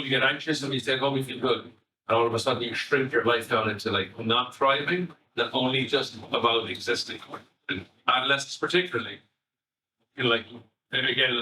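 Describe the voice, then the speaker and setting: An Irish man, a family psychotherapist, giving an animated talk to educators and acting out bits of dialogue as he tells stories. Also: medium pitch, a little hiss or hum. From Ireland. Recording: echoey hall, voice from far off.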